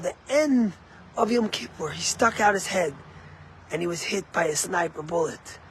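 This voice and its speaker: A rabbi delivering a sermon, a man with a rather high voice who preaches with passion and pushes his key lines hard. His stories flow into fervent appeals. A faint hum of ambience and traffic sits low in the background. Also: rough recording. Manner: impassioned, rising to emphatic peaks. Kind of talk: sermon with storytelling.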